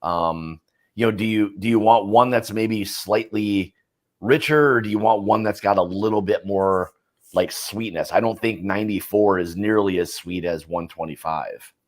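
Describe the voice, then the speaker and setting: A man with a fairly low voice talks casually through a whiskey tasting on a livestream. His sentences drift off into quiet murmurs as he thinks aloud. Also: normal speed.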